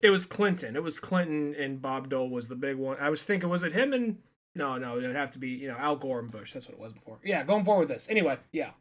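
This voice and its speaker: A man's voice: medium pitch, lively intonation, fast. A young man co-hosting a casual podcast, cracking crude jokes and trailing off to correct himself. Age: young adult. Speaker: podcast co-host.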